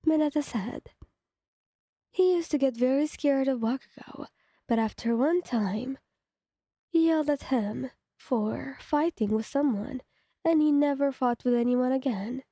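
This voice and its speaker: A young woman narrating a second-person fan fiction story in an even, read-aloud delivery. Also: sits high, unhurried, no echo, studio quality.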